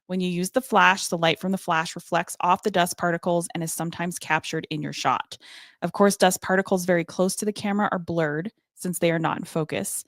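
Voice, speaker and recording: A woman with a fairly low voice reads through her research notes, stopping for ums and small restarts. She is a podcast co-host talking casually with friends. The sound is dry and close. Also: steady tone, brisk, a bit bright, no room sound. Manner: reads out research with fillers and hesitations. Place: home studio.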